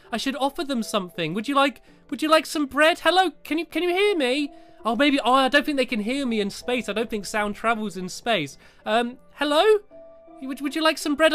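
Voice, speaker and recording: Guy rambling through a minecraft adventure, giggly, pitch all over the place. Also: fairly bright tone. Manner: bouncy, playful, stammering restarts, frequent giggles. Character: cheerful cat character exploring the moon. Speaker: Minecraft let's play host. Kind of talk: playful in-character game narration.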